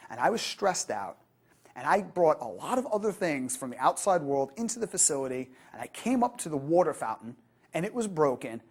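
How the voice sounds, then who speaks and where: A woman delivers a customer-service training lecture in a lively, animated way. Her voice sits on the low side and has a husky edge. She slips into the voices of the customers she quotes.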